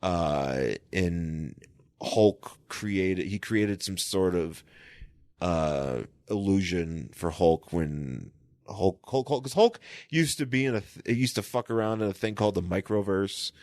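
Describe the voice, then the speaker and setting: A man's voice: low-pitched, lively intonation, slow pace, a little mellow, dry recording, studio quality. A man co-hosting a podcast, chatting casually about comics in a rambling, sweary way. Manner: rambling, many restarts, sweary. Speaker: podcast co-host.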